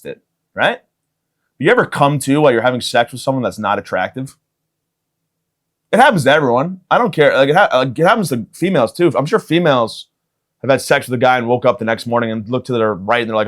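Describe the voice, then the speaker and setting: Rambling young man doing comic riffs. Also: mid-range voice. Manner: rambling, jokey, loud mock outrage and playful asides. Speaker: podcast host. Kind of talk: crude comedic monologue.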